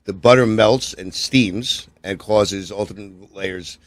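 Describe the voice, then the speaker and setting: Low-voiced chef, friendly and joking. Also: male voice, slow. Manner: friendly, joking, explains patiently. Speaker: chef and restaurant owner. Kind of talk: casual studio chat. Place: radio studio.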